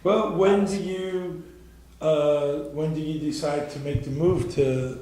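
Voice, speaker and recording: Southern US male interviewer, higher voice, hesitant questions, heavy room echo. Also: fairly even intonation, mellow, a little hiss or hum. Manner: hesitant, halting questions with fillers. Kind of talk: casual interview. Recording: very echoey room.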